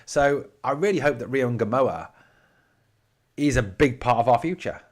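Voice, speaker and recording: A man's voice: mid-range voice, lively intonation, moderate pace. Blunt, opinionated man on a podcast. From northeast England. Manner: opinionated, blunt, swears at commenters. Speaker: podcast host. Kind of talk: solo podcast talk reading live chat.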